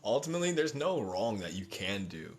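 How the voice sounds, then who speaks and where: A man hosting a livestream tarot reading, reading cards slowly and softly, then turning loud and laughing with casual swearing. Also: fairly low pitch, sing-song, background noise. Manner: swings from soft, slow reading to loud, laughing, profane outbursts.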